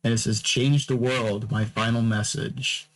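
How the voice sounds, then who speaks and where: A podcast host with a medium-pitched voice talks at a measured pace in a level tone, and the audio quality is poor. His monologue is casual and rambling; he sounds drowsy, yawns between topics, and often stammers, restarting and repeating words and phrases.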